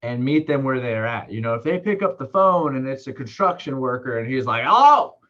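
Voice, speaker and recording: A man talks quickly and casually, coaching a sales team. He repeats himself and tags his points with "right?". The audio sounds a little dull and lo-fi. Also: mid-range voice, lively intonation, a bit bright. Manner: fast, repetitive, keeps asking "right?". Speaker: sales trainer.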